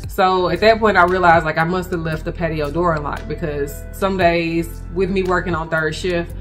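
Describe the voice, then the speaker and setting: A woman recounting a frightening personal experience to her viewers, speaking in halting bursts and addressing them directly. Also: deep voice. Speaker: vlogger telling a personal story. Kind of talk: emotional personal storytelling.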